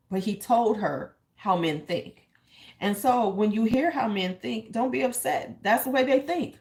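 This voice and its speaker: Blunt, candid woman vlogger. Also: fairly high pitch. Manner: blunt, candid, swears freely; retells stories by acting out quotes. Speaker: beauty vlogger. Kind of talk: casual commentary.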